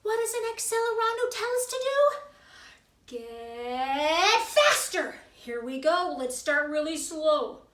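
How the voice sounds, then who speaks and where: A woman leading a preschool music class in an animated, sing-song way for young children. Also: very high-pitched, moderate pace, few pauses, far from the mic. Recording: echoey room, voice from off-mic, music behind.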